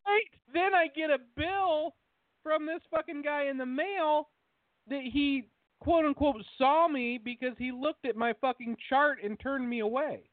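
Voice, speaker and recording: A man's voice: very high-pitched, a little slow, dry recording. A man co-hosting a podcast, telling a story in a heated, profane way during casual chat. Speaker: podcast co-host. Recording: tinny phone-like line, dry.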